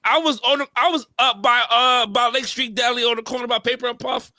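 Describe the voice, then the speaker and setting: A man's voice: extremely high pitch, fairly even intonation, brisk, sharp tone, no room sound. A man hosting a podcast, telling stories in casual chat with heavy slang and fillers. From New York area. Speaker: podcast host.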